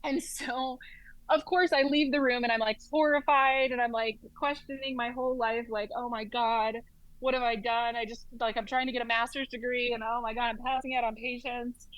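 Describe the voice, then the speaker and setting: A woman working as a flight nurse practitioner, telling stories as an interview guest in a lively way, with lots of "like" and "um". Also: on the high side, brisk, no room sound, poor audio. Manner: lively storyteller, heavy use of "like" and "um". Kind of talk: casual storytelling in an interview.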